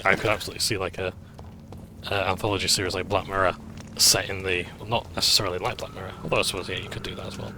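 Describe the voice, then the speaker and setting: A man's voice: low-pitched, noisy background. A man hosting his gaming channel, chatting casually over gameplay in a rambling, hesitant way. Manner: rambling, hesitant, full of fillers.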